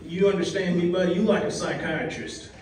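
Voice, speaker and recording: A man's voice: sits high, fairly even intonation, brisk. A man hosting a comedy show, doing loose, rambling crowd work and teasing the audience. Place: comedy club with live audience. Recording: roomy echo, distant mic, crowd laughter.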